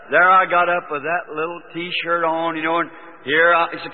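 A man, a preacher telling a story from the pulpit in a folksy way that rises into excited exclamations. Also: on the high side, moderate pace. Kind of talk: storytelling sermon. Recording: old phone-like recording in a reverberant hall.

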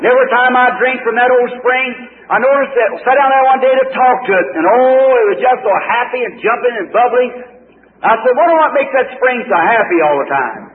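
A man preaches a revival sermon in a strikingly high voice, folksy and storytelling one moment, fervent the next. The sound is thin and phone-like, as on an old tape, with a long echo from a large hall and a faint hiss behind. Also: lively intonation, brisk. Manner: homespun, chuckling, rising to fervent exclamations. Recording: echoey hall on a tinny old recording.

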